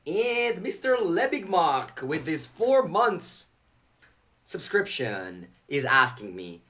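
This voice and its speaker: A man's voice: a little high, sing-song, a little slow, pushed and bright. Young man, live stream commentary, chatty, answers chat, close desk mic. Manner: chatty, reads viewer chat aloud and answers it.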